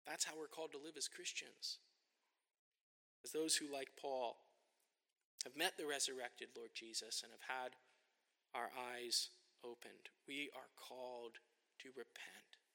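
A pastor with a mid-range, sharp-toned voice preaches a sermon in a church sanctuary, earnest and emphatic, often posing rhetorical questions. The recording carries the long reverb of a large hall.

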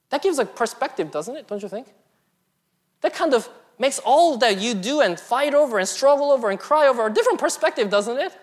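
A woman's voice: high voice, expressive, brisk. Earnest young woman preaching a sermon. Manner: earnest, swings between hushed asides and emphatic pleas.

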